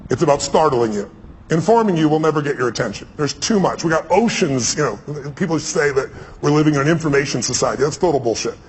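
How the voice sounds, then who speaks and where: Fast, emphatic man on a big stage. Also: on the high side, husky. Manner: animated, emphatic, repeats words. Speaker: guest speaker on stage. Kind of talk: energetic on-stage storytelling. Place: large hall with live audience. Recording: reverberant hall, faint ambient noise.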